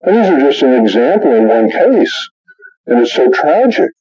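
A man's voice: medium pitch, normal speed, no room sound, lo-fi sound, faint music behind. A middle-aged man preaching a sermon, telling stories and acting out the voices in them. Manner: animated storytelling, acts out quoted voices. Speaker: pastor.

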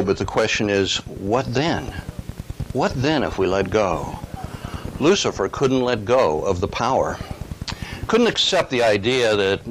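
A man's voice: fairly low pitch, slight background noise, low-quality recording. An older man preaching a sermon in a conversational, earnest way, often asking rhetorical questions.

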